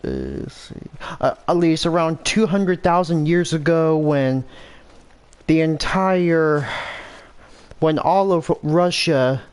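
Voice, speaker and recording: Slow-talking American man, rambling gameplay chat. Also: a little high, fairly even intonation, clean tone. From United States. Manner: rambling and self-correcting, thinking aloud. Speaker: gameplay commentator. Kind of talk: casual gameplay commentary.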